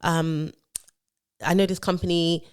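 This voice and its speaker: Co-hosting a casual chat podcast, a woman speaks unhurriedly in a lowish, clean-toned voice. She's an animated storyteller who acts out other people's words.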